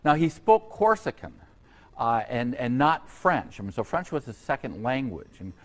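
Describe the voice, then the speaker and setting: A man giving an unscripted university history lecture, halting often on fillers and restarts, with conversational asides to his students. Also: mid-range voice, very animated, a little mellow. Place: lecture hall.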